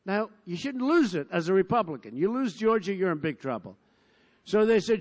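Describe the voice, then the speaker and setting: A man in his seventies speaks in a fairly high register for his age, delivering a loose, digressive campaign rally speech. He brags, repeats his points and bursts into shouts now and then. He is addressing a large outdoor crowd in a field. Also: big pitch swings, normal speed. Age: 70s. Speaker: politician at a rally.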